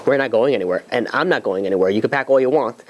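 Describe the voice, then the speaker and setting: A man's voice: mid-range voice, very fast, natural voice. A man voicing a young married woman who refuses to leave her husband, stubborn and pleading, within a spoken story. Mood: defiant.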